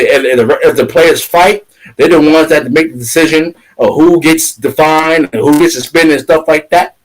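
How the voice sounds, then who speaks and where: A fired-up man tears into rival fans on a sports podcast, swearing freely as he rants. His voice sits high and keeps climbing as he presses his points. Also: poor audio. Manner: ranting, profane, trash-talking. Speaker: podcast co-host. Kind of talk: heated sports talk.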